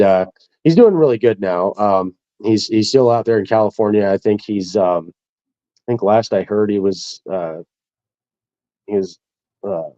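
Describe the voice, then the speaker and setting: A man's voice: fairly low pitch, mellow, dry recording. A male military veteran telling stories in a casual interview, easygoing and chuckling as he talks. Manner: easygoing, chuckles through his anecdotes. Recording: dull lo-fi dry sound.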